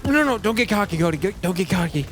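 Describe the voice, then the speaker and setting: Excitable swearing man gaming. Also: sits high, quick pace, faint music behind. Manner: excitable, swears and laughs often, yells at the game. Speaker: gaming video creator. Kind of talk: casual let's play commentary.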